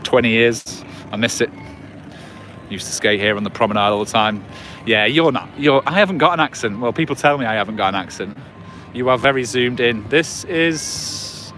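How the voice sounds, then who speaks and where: A man's voice: mid-range voice, a bit bright, a little hiss or hum. A man in his forties chatting casually with livestream viewers on a phone, rambling with lots of fillers and restarts, outdoors on a promenade at night. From England. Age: 40s. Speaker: livestream host. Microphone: phone on a gimbal.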